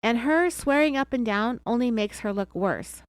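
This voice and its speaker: A woman's voice: fairly high pitch, lively intonation, normal speed, clean tone, dry recording. A woman with an American accent hosting a true crime podcast, telling the story in a sarcastic, chatty way. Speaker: podcast host.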